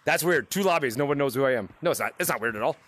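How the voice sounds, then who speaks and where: A man streaming a VR game and greeting fans, energetic and laughing a lot, talking into a headset mic. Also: mid-range voice. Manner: energetic, laughing often, quick restarts. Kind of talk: excited live gaming chat.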